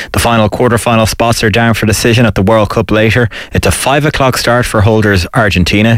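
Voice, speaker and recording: A man reading a sports news bulletin in a steady, measured way. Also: fairly low pitch, dry recording, clean studio sound. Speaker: sports newsreader.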